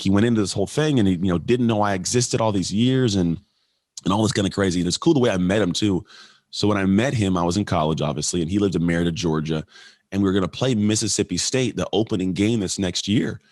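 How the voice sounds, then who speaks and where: A man in his late thirties from California, a podcast guest telling his life story in an animated way and acting out the voices of people he quotes. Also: deep voice, fast talker, no echo, clean studio sound. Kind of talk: storytelling in an interview.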